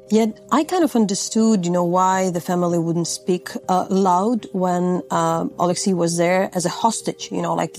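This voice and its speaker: Woman interviewer with a gravelly edge. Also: lowish voice, darkish tone. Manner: earnest, halting non-native phrasing. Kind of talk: interview questions.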